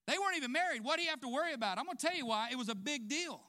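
A pastor with a very high, sharp voice preaches animatedly and very fast to his congregation. He addresses them directly with rising emphasis, asks them questions, and laughs now and then between points.

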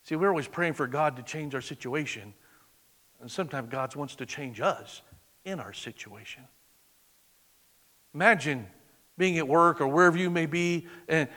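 A man preaching a sermon in church, swinging from loud exclamation to hushed, intimate prayer. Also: fairly high pitch, moderate pace, pauses often. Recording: long reverb of a large hall.

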